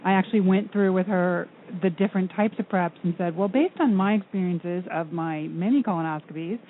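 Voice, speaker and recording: A woman tells a personal story quickly and conversationally. Her voice is thin and phone-like, with faint background sound. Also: on the low side, a little hiss or hum. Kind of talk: casual talk show chat. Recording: tinny phone line.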